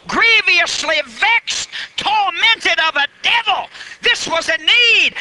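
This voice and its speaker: A man's voice: very high-pitched, pushed and bright, rough recording. A man preaching a live revival sermon at a church meeting, fiery and emphatic, stretching key words out.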